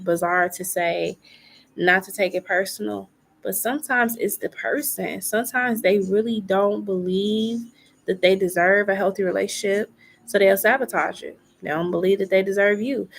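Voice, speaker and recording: A woman's voice: medium pitch, moderate pace, vocal fry. A woman giving a live tarot reading in a chatty way, repeating herself and filling gaps with little asides. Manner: chatty, repeats phrases, many fillers. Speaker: tarot reader.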